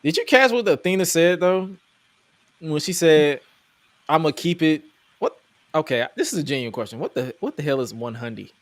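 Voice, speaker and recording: A man's voice: fairly high pitch, animated, moderate pace, dry recording. A man hosting a podcast, recapping wrestling in a casual, joking, incredulous way. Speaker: podcast host.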